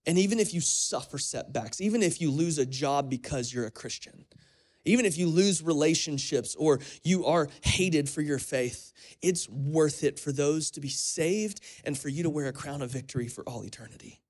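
A man with a fairly high voice preaches a sermon as pastor, at a moderate pace. He tells stories conversationally, restarting his sentences frequently.

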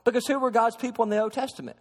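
A man preaching a sermon to a congregation, shifting from soft explaining to loud, emphatic preaching and asking them questions. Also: extremely high pitch, steady tone, very fast. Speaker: pastor. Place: church sanctuary. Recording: long hall reverb.

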